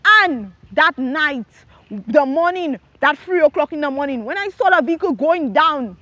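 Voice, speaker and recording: A woman gives a preached testimony in a high, emphatic voice, throwing out rhetorical questions and breaking into shouts. The sound is dry and close, with a slightly dull, muffled top end. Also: lively intonation, normal speed, no echo. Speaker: testimony speaker.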